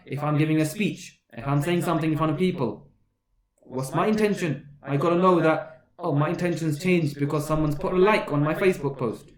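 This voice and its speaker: A man's voice: fairly high pitch, roomy sound. A man giving a Ramadan sermon as an imam, asking rhetorical questions and repeating phrases for emphasis.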